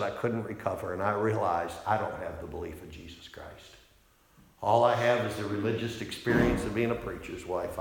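A middle-aged male pastor preaching a revival sermon, telling a story with fervor, rising to loud declarations and dropping to hushed quotes. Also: medium pitch, gravelly. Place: large church sanctuary. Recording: very echoey church hall reverb.

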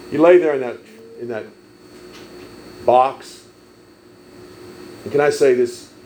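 A man preaching a sermon, telling stories emphatically and swelling loud on key lines. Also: medium pitch, slow, slight background noise, poor audio. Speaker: pastor.

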